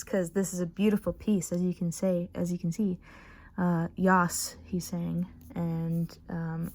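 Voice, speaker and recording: A woman's voice: mid-range voice, fairly bright tone, dry recording. A young woman in casual chat, rambling and unsure with many fillers as she shows her sketchbook. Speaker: artist showing her sketchbook.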